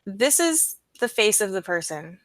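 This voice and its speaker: Excitable young woman live-streaming. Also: mid-range voice, unhurried, no room sound. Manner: excited, rambling, with fillers and disclaimers. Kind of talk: casual live-stream talk. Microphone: computer mic, screen sharing.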